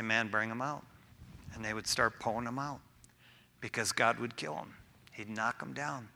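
A man preaching to his congregation in a relaxed, lively way, peppering his points with "man". His voice is very bright and sits a little high. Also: vocal fry. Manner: casual, animated preaching with frequent "man". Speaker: pastor. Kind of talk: sermon.

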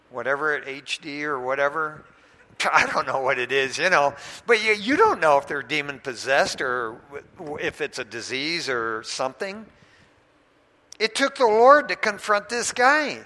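A man preaching in a church sanctuary, his voice sharp and forceful and pitched a little high. He tells his story with animated delivery, swinging between loud bursts and hushed moments. A long reverb trails each phrase. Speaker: pastor. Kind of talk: sermon with personal storytelling.

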